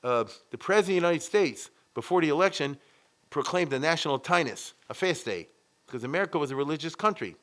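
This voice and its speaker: A middle-aged man lecturing on history as a rabbi, his voice pitched a little high for a man. He talks in an animated, conversational way, constantly asking his listeners if they follow him. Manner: animated, frequent check-ins with the audience.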